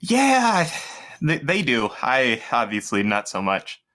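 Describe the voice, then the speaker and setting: A man's voice: fairly low pitch, lively intonation, unhurried, sharp tone. A man playing a tabletop game in character, speaking politely and earnestly with stammering restarts. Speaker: player. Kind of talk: in-character tabletop role-play.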